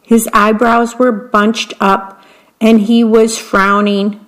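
A woman reading a picture book aloud, describing each picture in a gentle, deliberate way. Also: fairly high pitch, little pitch movement, rough recording. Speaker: storybook reader.

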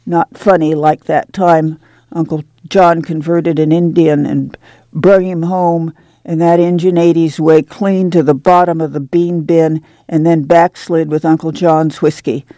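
A woman's voice: low voice, level tone, measured pace, mellow, no room sound, studio quality. A woman reading as a weary, firm migrant mother. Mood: soothing, weary. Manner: soothing, firm, rural dialect. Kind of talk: dramatic book reading.

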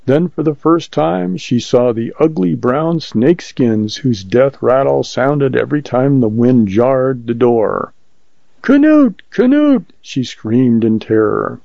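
A man reading a short story aloud as a volunteer narrator, in a measured, steady way. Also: mid-range voice, vocal fry, dry recording. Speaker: volunteer reader of short stories. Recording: dull lo-fi recording.

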